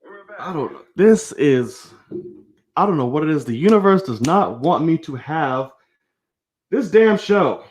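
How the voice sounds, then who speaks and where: A man's voice: a little high, sing-song, unhurried, a little mellow. A man hosting a live-streamed sports show, giving heated, profane opinions and speaking straight to his viewers. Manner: addresses viewers directly.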